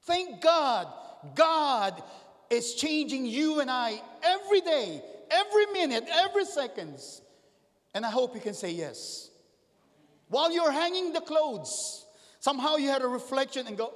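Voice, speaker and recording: A male pastor preaching a sermon in a high, animated voice. He swings between loud, ringing calls and hushed asides to the congregation. The sound carries long reverb from a large church hall. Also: unhurried.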